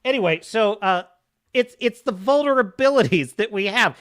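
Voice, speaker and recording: A man's voice: sits high, expressive, normal speed, a bit bright. A man hosting a livestream podcast, chatting casually and enthusiastically, rambling and laughing often. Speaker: podcast host.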